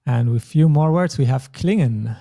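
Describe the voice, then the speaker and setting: A man's voice: medium pitch, normal speed, gravelly, dark tone. A man teaching a language lesson, explaining patiently step by step. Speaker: German teacher.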